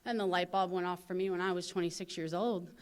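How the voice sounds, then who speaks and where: A woman from St. Louis speaking at a recovery convention. She talks casually, fills her speech with "you know," and acts out other people's lines in lively voices. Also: lowish voice, fast, clear, resonant tone. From St. Louis, USA. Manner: casual storytelling, heavy on "you know" fillers. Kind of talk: personal recovery talk. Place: convention hall.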